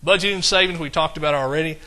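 Bright-voiced East Texas preacher. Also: male voice, a little high, rapid-fire. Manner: folksy, exclaiming, quoting scripture in King James style. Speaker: pastor. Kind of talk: sermon.

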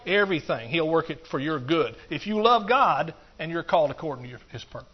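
A man's voice: on the high side, lively intonation, a little fast. A man preaching a sermon, repeating phrases in a rhythmic build and dropping in hallelujahs. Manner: rhythmic, repetitive, punctuated with hallelujahs. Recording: dull, muffled recording.

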